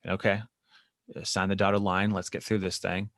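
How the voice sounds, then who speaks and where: A low-voiced man talks as a therapist guest on a podcast, explaining his work in an animated way. He sometimes briefly acts out what clients say. The recording is dry with no room sound. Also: normal speed, dry recording. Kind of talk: casual interview chat.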